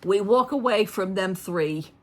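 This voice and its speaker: A woman's voice: medium pitch, unhurried. A middle-aged woman chatting in a casual storytime vlog, retelling a store visit with sarcastic asides. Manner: chatty, animated retelling, acting out the people in her story. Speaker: vlogger.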